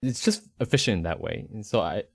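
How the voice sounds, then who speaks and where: A man's voice: on the low side, sing-song, fairly quick, creaky, husky, no echo, studio quality. A young man from the Northeastern United States with a slight Rhode Island accent, chatting easily as a podcast co-host, rambling with fillers and restarts. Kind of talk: casual conversational podcast chat.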